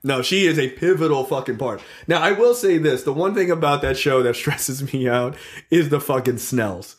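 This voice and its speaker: A man's voice: mid-range voice, normal speed. A man co-hosting a podcast in casual chat, telling stories with lots of swearing and acting out scenes. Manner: animated storytelling, swears freely, acts out scenes. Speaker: podcast co-host.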